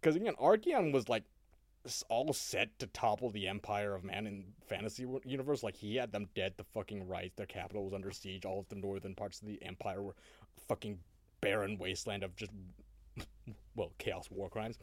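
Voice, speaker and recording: A man's voice: fairly low pitch, normal speed, dry recording. A man co-hosting a podcast in casual chat, swearing freely and laughing often as he talks. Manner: profane, animated, laughs often. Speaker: podcast co-host.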